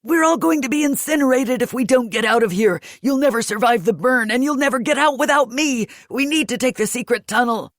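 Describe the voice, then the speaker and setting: Nervous male scientist, whiny and wheezy, pitched high and loud, as a woman reader puts him on. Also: fairly quick, hardly any pauses, no room sound, studio quality, natural voice. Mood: panicked.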